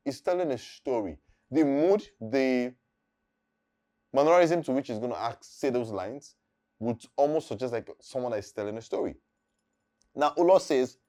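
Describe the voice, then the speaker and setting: A man's voice: medium pitch, lively intonation, brisk, mellow. Man coaching actors. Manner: explanatory and emphatic, repeating key points. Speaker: acting coach. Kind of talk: casual teaching monologue.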